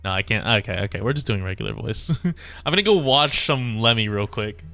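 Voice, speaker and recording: Male streamer who reads game lines in voices and cracks up at himself; sharp, bright tone. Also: lowish voice, animated, a little fast, vocal fry, soft background music. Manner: voices characters, breaks off laughing at himself. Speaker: streamer reading game dialogue aloud. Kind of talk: casual live game stream with voiced dialogue.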